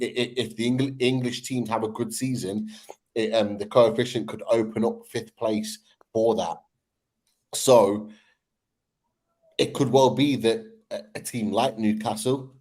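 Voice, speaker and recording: A man's voice: on the low side, darkish tone. A man hosting a casual football chat. He talks in an upbeat, rambling way and often restarts his sentences. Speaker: podcast host.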